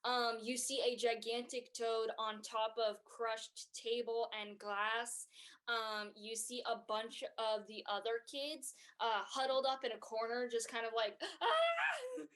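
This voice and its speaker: Slow, rambling woman game master. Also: fairly high pitch, little pitch movement, fairly bright tone. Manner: rambling, lots of fillers. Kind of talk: narrating a tabletop game.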